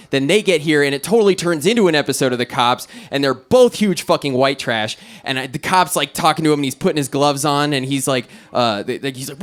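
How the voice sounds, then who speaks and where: A man's voice: fairly high pitch, a little fast. A young man doing stand-up at an open mic, telling a long profane story and acting out the other people in it. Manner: profane, rambling, animated storytelling with quoted voices. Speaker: stand-up comic. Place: small club stage.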